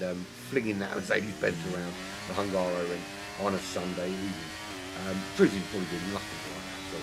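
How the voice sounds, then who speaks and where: A man doing solo live race commentary, rambling and jokey, getting excited at incidents, his voice worn from a long weekend of talking. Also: low-pitched, heavy background noise. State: losing his voice. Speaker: sim racing commentator.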